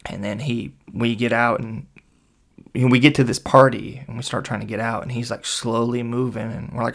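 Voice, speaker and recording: Gravelly man telling a rambling story. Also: medium pitch, a little fast. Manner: rambling, animated, lots of fillers, acts out quotes. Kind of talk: casual storytelling.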